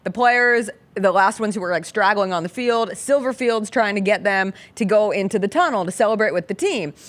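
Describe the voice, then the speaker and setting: A woman's voice: medium pitch, brisk. A woman hosting a casual sports talk show, telling a story with lots of laughter. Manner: animated storytelling, laughing often. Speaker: host. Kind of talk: casual chat.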